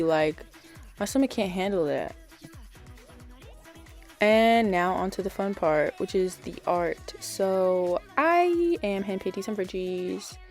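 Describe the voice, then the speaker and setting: A woman's voice: fairly low pitch, darkish tone. A young woman chatting casually as a nail art vlogger, rambling with lots of fillers and self-corrections. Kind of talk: casual voice-over chat.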